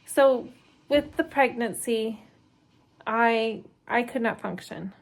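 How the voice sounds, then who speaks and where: Slow-talking tired homeschool mom with gravelly voice. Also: female voice, on the high side, rough recording. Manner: rambling, many fillers, laughs to keep from crying. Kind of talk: casual vlog chat. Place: home laundry area.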